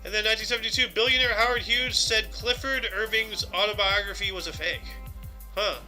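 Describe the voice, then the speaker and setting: A man from California hosts a relaxed chat about history, his voice set high and strikingly bright. He talks loosely, laughing easily between points. Faint music sits under the talk. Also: a little fast, rough recording. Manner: chatty, laughs often. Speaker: host. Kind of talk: casual chat reading history events.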